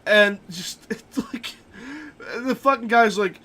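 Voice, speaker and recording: Slow and sharp, the young streamer's voice sits high as he plays a game and chats casually. He rants profanely about the books he has read.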